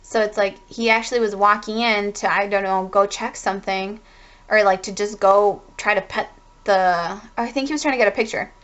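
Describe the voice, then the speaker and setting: A woman's voice: mid-range voice, fairly even intonation, moderate pace, a bit bright, highs cut off. A woman giving a casual spiritual tarot reading, rambling with lots of "like" and the odd swear word. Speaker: tarot reader.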